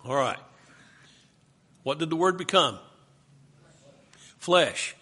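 A man teaches a Bible study class, asking his students question after question and steering them back to the text. His voice is bright and forceful with a husky edge. He sits a little higher than most men. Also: animated, takes it slowly.

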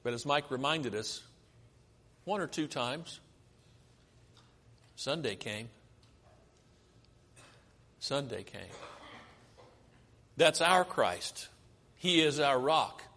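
A man's voice: fairly high pitch, lively intonation, slow pace, pushed and bright. A man preaching a sermon in a church, often asking the congregation questions and then answering them himself. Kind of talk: sermon with slides. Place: church sanctuary. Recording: long hall reverb.

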